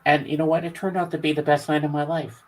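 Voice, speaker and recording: A man's voice: a little high, fast, slight background noise, rough recording. A man on a video call with a headset, chatting casually and acting out the people in his stories. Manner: animated storyteller who acts out quoted speech.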